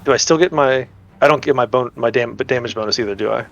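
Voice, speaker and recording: A man's voice: medium pitch, quick pace, gravelly, muffled recording, soft background music. A man playing a tabletop role-playing game, narrating his character's actions in a rambling way, with many restarts and laughs. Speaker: player.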